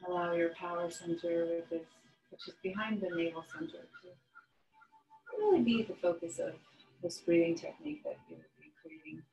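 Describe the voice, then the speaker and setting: A woman yoga teacher leading a guided meditation, giving soft, slow, soothing instructions with long pauses. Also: lowish voice, animated, faint music behind, poor audio.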